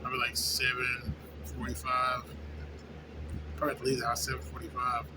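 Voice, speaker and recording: A young man who works at a fast-food place, venting in a casual, profane, rambling way and often asking "you know what I'm saying?". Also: mid-range voice, completely flat delivery. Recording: noisy background with vehicle sounds.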